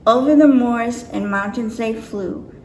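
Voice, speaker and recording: A woman's voice: a little high, a little slow, darkish tone, a little hiss or hum. A woman reading a picture book aloud with careful, slightly nervous delivery. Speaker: storybook reader. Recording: roomy echo, mic far off.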